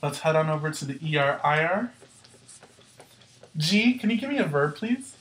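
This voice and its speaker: A woman's voice: low voice, expressive, normal speed. A woman teaching a Spanish grammar lesson, upbeat and going through the verb endings step by step. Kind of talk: classroom-style grammar lesson.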